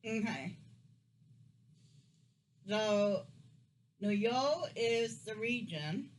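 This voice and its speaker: A woman takes her time through a casual taste-test vlog, thinking aloud between bites and humming as she chews. Her voice sits at an ordinary middle pitch, with a faint hum of background noise. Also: animated, drawn-out words. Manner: chatty, muses aloud while chewing, frequent hums and laughs. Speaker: vlogger.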